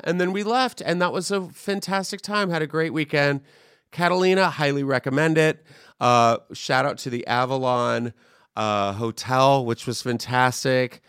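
A man hosting a podcast, telling a chatty, animated story in casual conversation. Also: mid-range voice, dry recording, studio quality. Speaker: podcast host. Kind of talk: casual chat.

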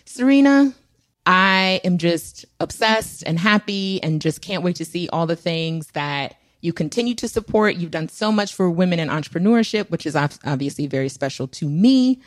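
Enthusiastic low-pitched woman co-host. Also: normal speed, dry recording, clean studio sound. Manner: enthusiastic, animated. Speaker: podcast co-host. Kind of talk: casual podcast chat.

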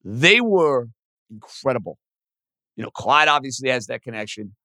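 A man's voice: medium pitch, expressive, moderate pace, sharp tone, no room sound. A man hosting a sports talk podcast, giving opinions in an emphatic, conversational way.

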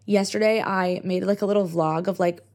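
Here the twenty-something American podcaster chats casually by herself, her speech full of "like" fillers. Her medium-pitched, slightly mellow voice holds a steady tone at a normal speed.

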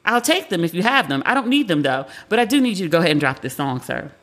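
A woman in her forties with a bright, sharp tone, talking casually as a show host. She is candid and chatty, swears freely and slips into the voices of the people she quotes. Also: on the low side, very animated, quick pace. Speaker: podcast host. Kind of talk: casual pop-culture commentary.

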